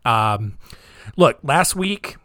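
A man hosting a podcast, telling a dark story in a casual, rambling, joking way with many fillers. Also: mid-range voice, sing-song, extremely slow, dry recording, clean studio sound. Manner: rambling, jokey, lots of fillers. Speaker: podcast host.

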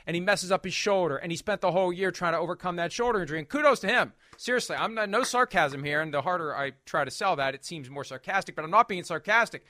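A man's voice: high voice, quick pace, hardly any pauses, pushed and bright, no echo, clean studio sound. A man hosting a sports talk show, arguing emphatically and firing off rhetorical questions.

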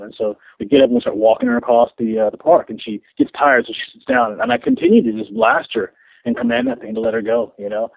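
A man, a guest minister, telling a story over the phone in an animated way, repeating his words and laughing as he goes. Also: sits high, fast talker, gravelly, slightly rough, no room sound. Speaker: podcast guest, street minister. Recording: tinny phone line.

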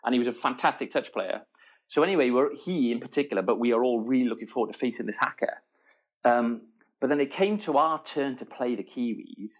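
A middle-aged man, telling a story as an interview guest, lively and laughing, often restarting his sentences. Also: medium pitch. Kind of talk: casual storytelling.

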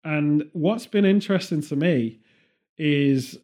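A man's voice: fairly high pitch, takes it slowly, darkish tone. A man from Birmingham with a Birmingham accent, chatting casually and rambling, laughing often. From Birmingham, England. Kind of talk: casual chat.

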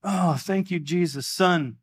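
A man preaching a sermon in a church, animated and exclamatory in a conversational way. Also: on the high side, normal speed. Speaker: pastor.

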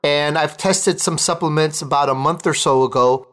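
A male host interviewing a guest in an enthusiastic, joking, excitable way. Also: on the high side, moderate pace. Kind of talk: interview, casual chat.

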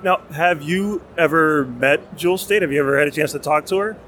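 A man's voice: fairly high pitch, brisk, fairly bright tone, slight background noise. A man interviewing a cosplayer for a podcast, asking short, encouraging questions. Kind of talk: convention interview.

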